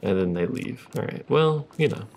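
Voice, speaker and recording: A man's voice: medium pitch, animated, moderate pace, vocal fry, a little mellow, slight background noise. A man giving casual, wry commentary on his gameplay and reading the game's text aloud. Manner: wry, reads game text aloud between remarks. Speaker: let's play host.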